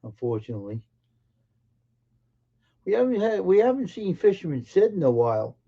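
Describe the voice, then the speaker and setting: A man's voice: high-pitched, very animated, normal speed, vocal fry, mellow, husky, highs cut off. A man hosting a live stream in casual chat, greeting viewers by name and teasing them in an offhand way.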